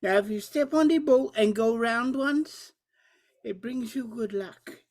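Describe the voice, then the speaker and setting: A woman with an Italian accent chats at a slow, unhurried pace as a player in a tabletop game. She speaks eagerly but haltingly, repeating words as she goes. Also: fairly high pitch, darkish tone. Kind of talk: casual play and chat.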